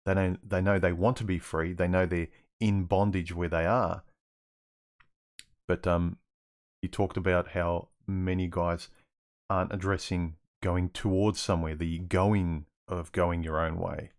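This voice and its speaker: A man's voice: sits low, level tone, unhurried. A man hosting a livestream Q&A, reading viewer questions aloud and answering them in a rambling, casual way. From Australia. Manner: rambling, restarts often, reads chat questions aloud.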